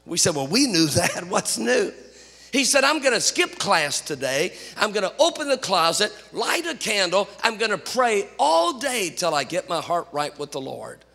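A man preaches in a high, gravelly voice, telling lively stories and building to shouted lines. The sound carries a long reverb from a church hall. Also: normal speed. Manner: animated storytelling preacher, rising to shouts. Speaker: pastor. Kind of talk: sermon.

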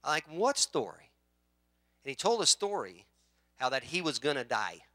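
A man preaching a sermon as pastor, telling a story with acted-out voices and swinging from quiet asides to loud shouts. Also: mid-range voice, very animated, moderate pace, no echo.

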